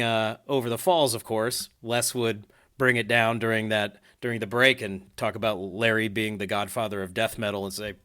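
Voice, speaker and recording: A man's voice: medium pitch, a bit bright. Chatty male podcast host. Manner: chatty, laughs easily, many fillers and restarts. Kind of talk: casual podcast chat.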